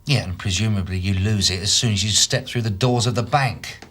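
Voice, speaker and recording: A man's voice: lowish voice, fairly quick, fairly bright tone, a little hiss or hum, lightly acted. An actor playing a male police detective who questions a suspect with sardonic, probing remarks.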